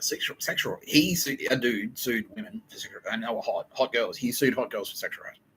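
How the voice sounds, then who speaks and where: A man's voice: medium pitch, fast, fairly bright tone, a little hiss or hum, poor audio. An Australian man hosting a podcast, telling a rambling comic story full of swearing and laughter. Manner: profane, laughing, digressive storytelling. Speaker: podcast host.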